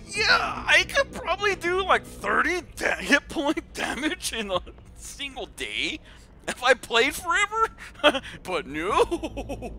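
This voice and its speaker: A man live-streams a game, reading viewer comments aloud in a lively, sing-song voice that jumps all over. His tone is high and bright, and he giggles between remarks. Faint game music plays underneath. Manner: giggly and chatty, laughs often, calls viewers dude.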